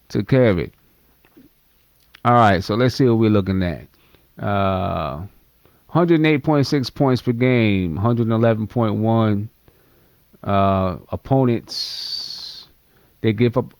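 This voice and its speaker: Low-ish guy doing a live postgame fan stream, chatty, talks right to the viewers, dry home mic. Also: a little mellow, dry recording. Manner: chatty, addresses viewers directly. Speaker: fan livestream host. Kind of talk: live postgame basketball talk.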